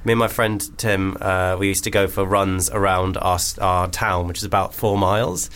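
A man's voice: deep voice, flat delivery, normal speed, fairly bright tone, smooth. A young man co-hosting a comedy radio show, telling rambling, self-deprecating stories with lots of restarts. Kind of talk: casual comedic radio chat.

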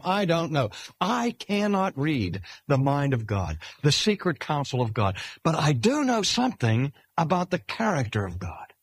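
An older man preaching a sermon in a measured, emphatic way, slowing down to stress key phrases. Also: a little high, slightly rough, no echo. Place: speaking at a cancer hospital.

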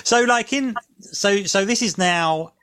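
A woman's voice: medium pitch, slow, a bit bright. A woman co-hosting an interview, asking curious, loosely phrased questions. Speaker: podcast co-host. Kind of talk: interview chat.

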